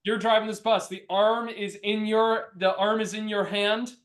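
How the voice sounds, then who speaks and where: A man running a tabletop game as game master, excitable and rambling, often laughing. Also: sits high, normal speed.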